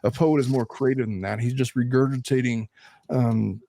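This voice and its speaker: A man in his thirties talks in a blunt, animated way, cursing casually as he hosts a podcast chat. His voice sits mid-range and is recorded close and dry, with no room sound around it. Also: medium pitch, normal speed, creaky, no echo. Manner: blunt and animated, swears freely. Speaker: lawyer and channel host.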